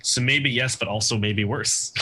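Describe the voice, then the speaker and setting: A man's voice: medium pitch, takes it slowly, pushed and bright, breathy edge, low-quality recording. A man playing a tabletop role-playing game, asking easygoing questions about the rules. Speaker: player.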